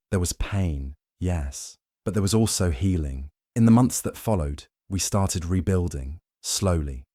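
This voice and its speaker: A man reading a scripted first-person story in an even, measured way. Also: low voice, no room sound, clean studio sound. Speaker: story narrator.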